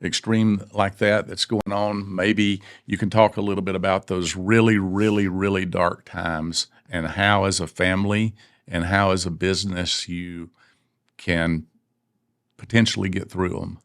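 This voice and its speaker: A man's voice: low-pitched, fairly even intonation, a little slow. A man hosting a conversation, encouraging his guest and often chiming in with short agreements. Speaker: host. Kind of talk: casual talk-show conversation.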